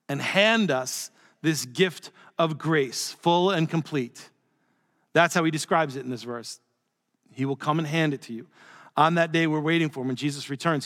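Man preaching in a reverberant hall. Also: fairly high pitch. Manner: conversational preaching with joking asides, dropping soft for emphasis. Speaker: pastor. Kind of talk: sermon.

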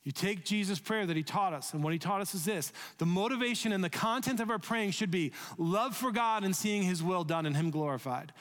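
Earnest pastor in a reverberant hall. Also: male voice, high-pitched, a little fast, few pauses. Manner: earnest, conversational preaching, drops soft when leading prayer. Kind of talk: sermon. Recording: echoey hall, long reverb.

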